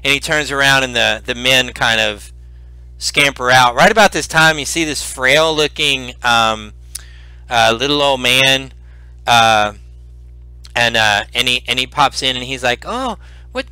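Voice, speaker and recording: A man narrating as game master in a tabletop game, halting with many fillers. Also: mid-range voice, steady tone, pushed and bright, smooth, no echo.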